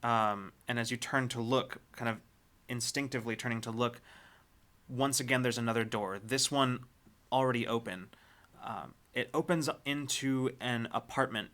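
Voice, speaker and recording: A man running a tabletop game as game master, narrating scenes in a descriptive, halting way with many fillers. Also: medium pitch, fairly bright tone.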